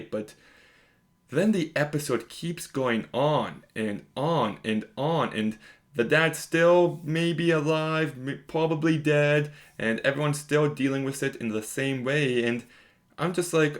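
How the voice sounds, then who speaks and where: A young man giving a casual video review of a TV episode, talking emphatically with lots of filler words. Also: mid-range voice. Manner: emphatic, conversational, lots of "like" and "you know".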